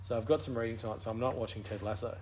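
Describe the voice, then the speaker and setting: A man's voice: medium pitch, fairly even intonation, racing, a little mellow, slight background noise. A man co-hosting a podcast in casual, joking banter. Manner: joking, laid-back banter. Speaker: podcast co-host. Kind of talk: casual chat.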